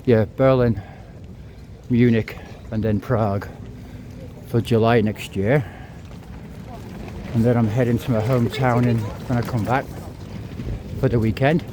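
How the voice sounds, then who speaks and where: A man in his fifties vlogs while walking city streets, out of breath, chatty and rambling, swearing and then apologizing. His mid-pitched voice is steady at a measured pace with frequent pauses, picked up by a clip-on mic to his phone with street noise behind.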